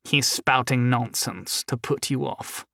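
A creepy, pale elf, put on by a male narrator, speaking slowly and softly with a quiet menace. The voice sits at a middle pitch and sounds dry and close. It is a storybook reading. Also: vocal fry, dry recording, full character voice. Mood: soothing. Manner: slow, soft, creepy.

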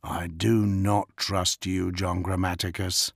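A man voicing a grim, guarded male warrior who talks in a measured, wary way in an audiobook. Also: deep voice, little pitch movement, creaky, no room sound, clean studio sound, exaggerated voice.

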